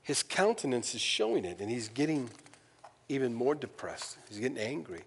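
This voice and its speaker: A man preaching a sermon with a lively, swooping delivery, acting out little conversations and poking fun at himself. His voice rings out with a long echo, as if it fills a large church sanctuary. He talks in a plain, homespun way. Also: moderate pace, slight background noise. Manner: animated, acts out quoted dialogue with jumps in pitch; folksy, self-deprecating humor. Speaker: pastor.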